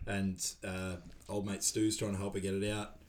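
A man co-hosting a podcast, recapping a movie from his notes in a relaxed way with many pauses and ums. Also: lowish voice, a little hiss or hum. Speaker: podcast co-host. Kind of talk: casual movie recap chat.

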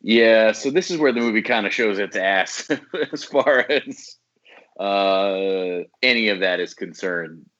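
A man's voice: fairly low pitch, slow, a bit bright, lo-fi sound. A man co-hosting a podcast, talking about a movie in casual chat, emphatic and opinionated, with some swearing. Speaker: podcast co-host.

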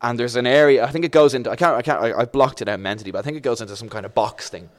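He speaks very fast in a mid-range voice, a young Irishman from Dublin guesting on a podcast. The long anecdote he tells is casual and animated, full of acted-out voices.

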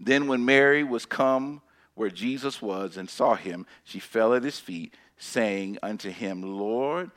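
A man preaching a sermon who reads scripture slowly and then talks casually, swinging between loud emphatic lines and hushed ones. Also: medium pitch. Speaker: pastor.

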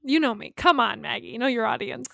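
A woman's voice: a little high, lively intonation, quick pace, vocal fry, bright, forceful tone, no room sound, studio quality. A woman co-hosting a podcast in casual chat, talkative, laughing often and swearing freely. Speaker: podcast co-host.

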